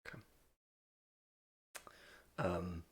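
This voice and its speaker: A man casually playing a tabletop game, rambling and laughing often. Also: very slow. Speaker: player.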